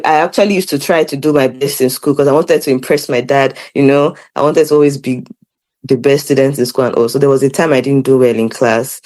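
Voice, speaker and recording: A young woman, a podcast guest telling animated, laughing stories from her childhood. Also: sits low. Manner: lively, laughing, animated storyteller. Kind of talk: casual storytelling chat.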